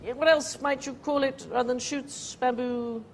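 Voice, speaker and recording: A woman whose voice sits high keeps a steady tone at normal speed while hosting a TV quiz show. She reads the clues and sneaks in dry, wry jokes as the studio audience laughs noisily.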